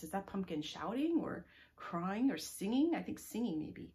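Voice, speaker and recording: A woman librarian leading a preschool story time, reading aloud slowly in a sing-song way and often dropping to a soft whisper. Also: medium pitch, big pitch swings. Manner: leads rhymes and chants with children. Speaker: children's librarian. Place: public library.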